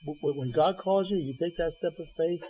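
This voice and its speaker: Fairly quick and fairly high-pitched, with a breathy edge, a man preaches as a radio program's guest. He tells Bible stories, quoting dialogue and restarting with stammers, and the broadcast sounds dull and lo-fi.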